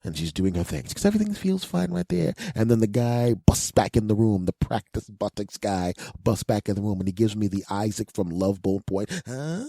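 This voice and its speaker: Deep-voiced man ranting comically. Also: moderate pace, few pauses, dry recording, studio quality. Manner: whiny, self-mocking, animated storytelling. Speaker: podcast host. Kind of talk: comic monologue.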